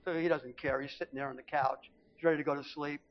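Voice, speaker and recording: A middle-aged man preaching, telling a lively personal story from the pulpit and acting out what his family said. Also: fairly high pitch, fast. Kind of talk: sermon testimony storytelling. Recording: dull lo-fi recording.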